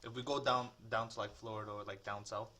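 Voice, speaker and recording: A man's voice: lowish voice, little pitch movement, quick pace, pushed and bright. A man co-hosting a podcast, laid-back and blunt in casual chat. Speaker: podcast co-host.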